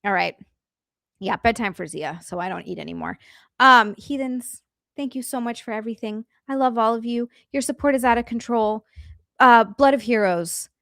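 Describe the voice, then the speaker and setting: Bubbly, bright-voiced woman streamer. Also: a little high, moderate pace, vocal fry, dry recording, studio quality. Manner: bubbly and effusive, giggly, chatty asides while navigating settings. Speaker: livestream host. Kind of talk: casual livestream chat, thanking viewers.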